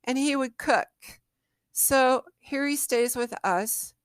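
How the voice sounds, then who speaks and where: A middle-aged woman hosts her own spiritual podcast and talks with candid, chatty emotion. Her voice sits a little high and sounds smooth and clear. She speaks slowly, letting her rhetorical questions land. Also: no room sound, studio quality. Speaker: podcast host and psychic medium. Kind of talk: casual solo podcast talk.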